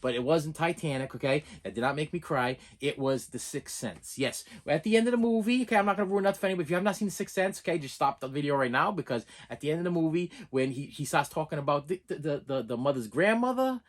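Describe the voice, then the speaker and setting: A middle-aged man hosting a casual movie unboxing video, talking in a rambling, excitable way and often repeating words and restarting his sentences. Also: on the high side, fast talker, few pauses. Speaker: movie unboxing channel host.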